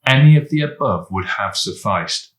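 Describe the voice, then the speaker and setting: Teacher guy reading a kids book aloud, lowish bright voice, echoey room. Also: normal speed. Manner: lively, expressive. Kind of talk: storybook read-aloud.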